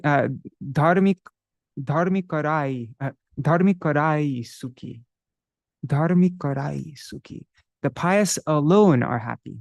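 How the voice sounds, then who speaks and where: A man's voice: a little high, a little mellow, no echo. A man teaching a devotional song text in a live class, explaining words one by one and stopping to look them up in a dictionary. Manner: chants scripture verses slowly.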